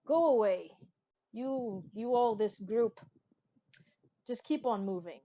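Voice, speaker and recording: A woman's voice: fairly high pitch, takes it slowly, mellow, no echo, lo-fi sound. A woman voicing a flamboyant, scornful male bird pirate in a tabletop game. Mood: dismissive. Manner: mocking, dismissive.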